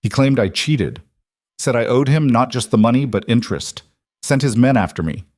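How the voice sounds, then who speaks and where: A man's voice: mid-range voice, lively intonation, moderate pace, a little mellow, no echo, studio quality, pitched above the performer's own voice, natural voice. A man voicing a wounded gambler on the run who talks defensively in an audiobook story.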